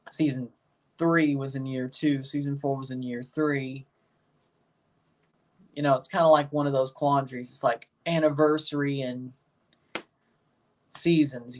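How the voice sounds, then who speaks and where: A man's voice: medium pitch, distant mic. Rambling man talking a bit off-mic. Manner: rambling, chats with viewers, gets loud and emphatic when judging. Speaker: livestream host ranking soccer kits. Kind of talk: casual livestream chat.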